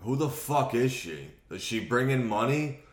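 A man's voice: medium pitch, animated, normal speed, reverberant, distant mic. A man co-hosting a podcast in casual chat, throwing in crude, dismissive remarks. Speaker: podcast co-host.

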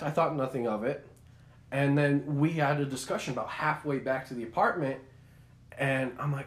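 Rambling, animated young man co-hosting. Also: mid-range voice, moderate pace. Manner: animated storyteller, rambling with restarts. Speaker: podcast co-host. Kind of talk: casual chat.

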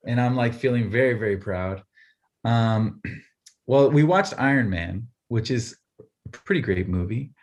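A man in his thirties, a podcast co-host, telling a family story in a casual, animated way and laughing often. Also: medium pitch, normal speed. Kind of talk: casual chat.

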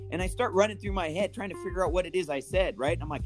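Animated, fairly high-voiced podcast man. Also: racing, faint music behind. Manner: animated, profane storytelling. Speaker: podcast co-host. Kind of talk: casual chat.

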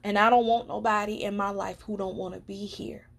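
A woman's voice: medium pitch, fairly even intonation, brisk, gravelly. A woman hosting a solo podcast, talking candidly and emphatically, swearing freely. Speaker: podcast host. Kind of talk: casual solo podcast monologue.

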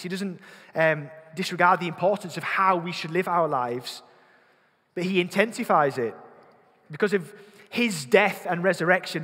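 A man's voice: sits high, fairly bright tone, slightly rough. A man with a Yorkshire accent preaching a sermon, earnest, repeating words as he thinks and putting questions to the congregation. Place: church. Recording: long hall reverb.

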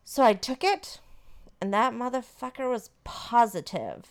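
A woman in her thirties casually telling a personal story to her partner, animated and swearing freely. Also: on the high side, a little slow.

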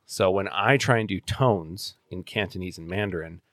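Man, low voice, dry close mic, jokey, laughs a lot, casual podcast host. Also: normal speed, no room sound.

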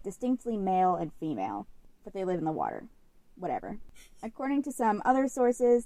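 A woman's voice: mid-range voice, darkish tone, no room sound. Chatty young woman, dry close sound. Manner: chatty, peppered with "like" fillers. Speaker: podcast co-host. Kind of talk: casual podcast chat.

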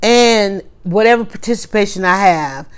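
A woman hosting a livestream, telling a story in a casual, animated way with quick restarts and emphatic asides. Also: mid-range voice, clean tone. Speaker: livestream host.

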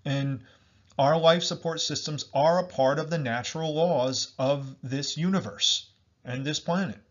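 A man's voice: a little high, unhurried. A man delivering an emphatic political monologue, repeating himself and calling his listeners folks. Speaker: commentator. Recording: dull lo-fi recording.

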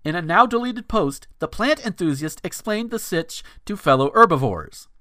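A man's voice: high voice, sing-song, normal speed, bright, forceful tone, no echo, clean studio sound. A man hosting a podcast, reading viral news with sarcastic asides and frequent stammered restarts. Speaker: podcast host. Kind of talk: casual news commentary.

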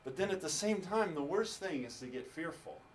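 A man preaching to a congregation, telling a story with laughter and lively asides. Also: on the high side, normal speed, recorded from a distance, slight background noise, low-quality recording. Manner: animated storytelling with laughter and acted quotes. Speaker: pastor. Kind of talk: sermon storytelling.

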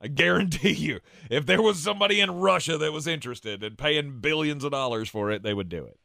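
A man's voice: a little high, fairly quick, vocal fry, pushed and bright, dry recording, studio quality. A man co-hosting a sports talk show, easygoing and conversational, often restarting his words. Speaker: sports radio co-host.

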